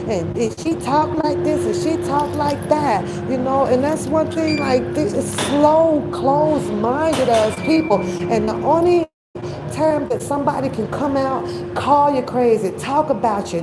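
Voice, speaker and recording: A woman's voice: on the high side, gravelly, noisy background. Blunt, profane woman ranting. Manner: blunt and profane, repeats phrases for emphasis. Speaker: reaction commentator. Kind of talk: casual opinion rant.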